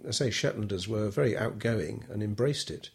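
A man's voice: on the low side, moderate pace, creaky, slightly rough. An older man telling his story in an interview, talking hesitantly with many ums and restarts. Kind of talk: relaxed oral history interview.

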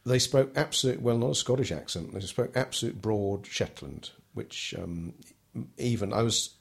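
A man's voice: fairly low pitch, expressive, normal speed, gravelly, breathy edge. An older man telling his story in an interview, talking hesitantly with many ums and restarts. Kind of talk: relaxed oral history interview.

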